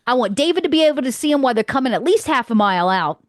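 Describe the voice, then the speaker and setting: A woman with a fairly high, very lively voice plays her character brashly and profanely. She trips over her words and restarts often, and the close mic keeps her sound dry. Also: racing, no echo. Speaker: tabletop role-play player. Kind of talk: in-character tabletop role-play.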